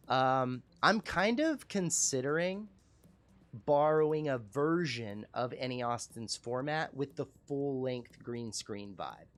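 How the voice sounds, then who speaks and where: A man hosting a casual livestream talk show, rambling, profane and self-mocking. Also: medium pitch.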